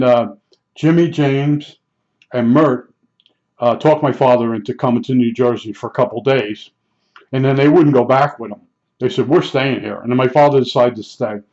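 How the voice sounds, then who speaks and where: A man's voice: medium pitch, darkish tone. An older man telling long, rambling stories from his life in a chatty way, full of fillers and restarts. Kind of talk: casual storytelling. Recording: dull lo-fi recording.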